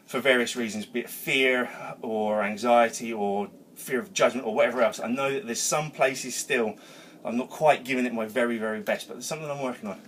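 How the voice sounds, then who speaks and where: A man talking straight to camera in his garage gym, still worked up from a workout. His voice sits at an ordinary middle pitch. He rambles energetically through a motivational talk, swearing casually as he goes. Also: fairly quick, a bit bright, a little hiss or hum. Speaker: vlogger.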